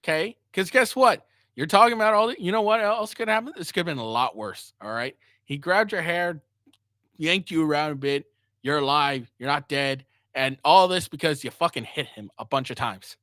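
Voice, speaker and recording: A man's voice: on the high side, moderate pace, sharp tone, dry recording, clean studio sound. A man hosting a reaction commentary, ranting angrily with heavy profanity. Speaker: commentary host.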